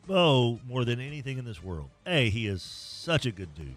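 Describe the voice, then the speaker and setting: A man's voice: medium pitch, sing-song, moderate pace, hardly any pauses, faint music behind. A man hosting a sports talk show, folksy and joking as he rambles through scores and a sponsor read. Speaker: sports talk radio host.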